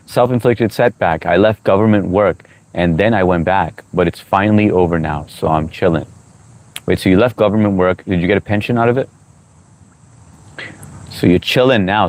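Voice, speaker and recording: A middle-aged man with a notably low, deep voice hosts a laid-back livestream outdoors. He reads viewer comments aloud and jokes with his audience. He keeps chatting while he chews his food. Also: a little mellow. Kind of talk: casual livestream chat. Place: outdoors on a walk.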